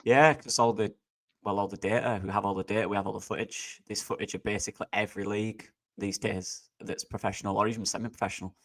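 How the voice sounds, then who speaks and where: A man's voice: lowish voice, fairly even intonation, fast. A man who coaches football, chatting on a podcast in an upbeat, friendly way and calling his co-host mate. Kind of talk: casual football podcast chat.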